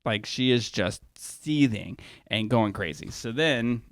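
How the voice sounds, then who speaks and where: A man's voice: medium pitch, slow pace, no room sound, clean studio sound. A man co-hosting a podcast, recapping a TV show in casual chat and acting out the people he quotes, laughing often. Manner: animated storyteller who acts out quotes, laughs often. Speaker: podcast co-host.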